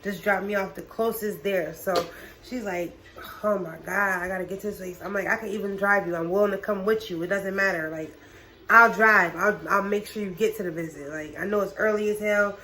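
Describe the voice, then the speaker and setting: A young woman vlogging a storytime to her camera at home. She talks in a casual, slangy way, swears freely and throws herself into the retelling. Her voice sits at an ordinary middle pitch. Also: brisk, low-quality recording. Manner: profane, animated storytelling with slang.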